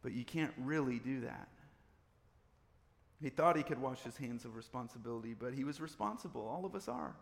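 A man's voice: medium pitch, animated, a little fast, vocal fry, in a large hall. A man preaching a sermon, repeating phrases and building up in intensity. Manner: preaching with swelling intensity and repetition. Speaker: pastor.

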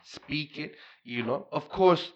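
A man from Bangladesh hosting a podcast in casual, slangy chat, animated and quick to laugh. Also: fairly high pitch, dull audio. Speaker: podcast host.

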